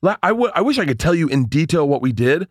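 A comedian guest telling a bawdy story on a podcast, loud and animated, swearing and laughing often. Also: male voice, on the high side, fast talker, no room sound, studio quality.

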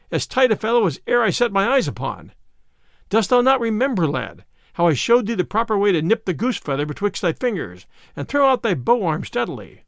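A man reading as Robin Hood, hearty and lively. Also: high-pitched, gravelly, dry recording, clean studio sound, exaggerated voice. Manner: hearty, archaic speech. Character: proud bruised male outlaw leader.

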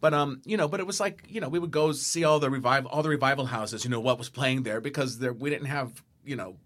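A man's voice: medium pitch, fast talker, fairly bright tone. A middle-aged man from Southern California, a stage director and choreographer, telling stories in an interview and rambling with frequent restarts and laughs. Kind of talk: casual interview storytelling.

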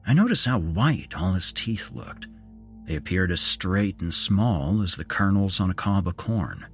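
Deep slow guy telling a horror story, grim, pitch swings a lot. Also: lively intonation, faint music behind.

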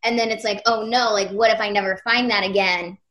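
A woman hosts a podcast in a candid, personal conversation. Her voice is bright and crisp, and she speaks hesitantly with many fillers as she works through her thoughts. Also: mid-range voice, steady tone, fairly quick. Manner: hesitant, searching for words. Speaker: podcast host.

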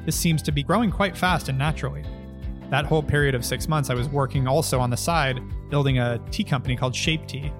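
A man in his thirties, a business founder telling stories in a casual interview, blunt and profane, with lively delivery. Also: mid-range voice, quick pace, music in the background. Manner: blunt, profane, animated storyteller. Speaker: agency founder and guest.

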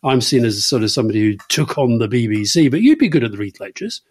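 Scottish male podcast co-host, brisk and talkative, medium-pitched, casual political chat with teasing asides. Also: big pitch swings, darkish tone, slightly rough.

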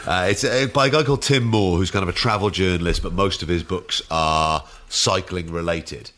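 Deep-voiced, bright-toned male podcast host. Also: moderate pace. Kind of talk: casual chat.

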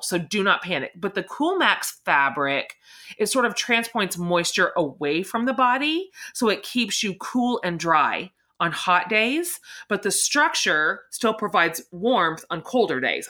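Gushing low-voiced middle-aged woman. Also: bright, forceful tone. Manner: chatty, gushing, many fillers. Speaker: podcast co-host. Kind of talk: casual gift-guide chat.

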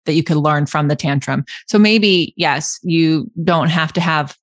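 A woman's voice: low voice, measured pace, dry recording. A woman hosting a podcast interview, reflecting aloud in a casual way. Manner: reflective, thinking aloud with restarts. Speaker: podcast host.

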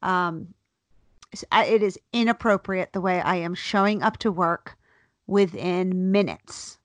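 A woman's voice: on the low side, unhurried, no room sound. Mom in her 30s on a podcast telling a story, swears a lot, does the voices, dry room. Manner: animated storyteller, swears freely, acts out quotes. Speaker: podcast co-host; teacher and mother of a toddler. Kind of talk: casual chat, storytelling.

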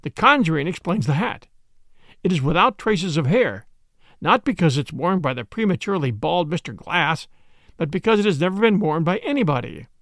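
A man doing a meek little priest sleuth in a storybook reading, his voice lifted higher than the narration and ranging lively up and down. He explains gently and placidly, with a bright eagerness. The sound is dry and close. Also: moderate pace, dry recording. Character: mild, eager little male priest detective.

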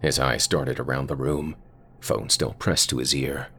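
A man reading scripted horror narration in a slow, brooding storytelling manner. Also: extremely low pitch, fairly even intonation, bright, forceful tone, slightly rough.

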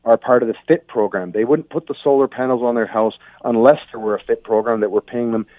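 A man's voice: medium pitch, steady tone, fast talker, dry recording. A man from Ontario giving blunt, opinionated commentary over the phone, often restarting his sentences. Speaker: guest commentator. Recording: tinny dry phone line.

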